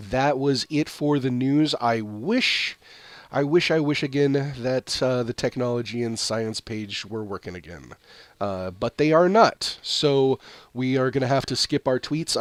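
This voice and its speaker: A man's voice: mid-range voice, no room sound. American man with dry, close sound. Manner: reads headlines, then adds offhand jokey asides. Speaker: news show host. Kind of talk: casual news reading with commentary.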